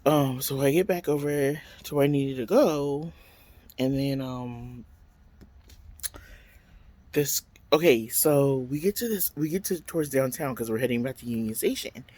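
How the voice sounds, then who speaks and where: A man's voice: mid-range voice, measured pace, a little mellow. A man vlogging at home, telling a bus story and then unboxing skincare, chatty with dramatic exclamations and lots of fillers. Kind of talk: casual storytime and product unboxing.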